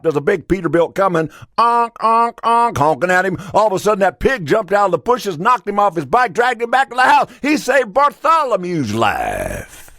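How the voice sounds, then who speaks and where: A man voicing an older country farmer who drawls and exclaims loudly. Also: high voice, no room sound, studio quality, voice pushed up, full character voice.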